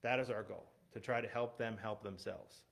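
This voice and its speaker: A man with a fairly low voice speaks from the front of a church as a visiting missionary pastor. He talks conversationally, with plenty of fillers and restarts, as he tells stories. The sound comes over an unsteady online stream. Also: steady tone, normal speed, creaky. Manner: conversational, many fillers and restarts, laughs at himself. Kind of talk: church talk with personal stories. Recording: unstable internet stream with glitches.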